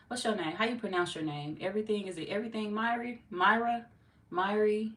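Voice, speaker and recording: Talking very fast in a mid-range voice, a woman who reads tarot keeps her live-stream chat casual, relaxed and talkative while reading out viewer comments. The mic is far away in an echoey room, and the audio is noisy.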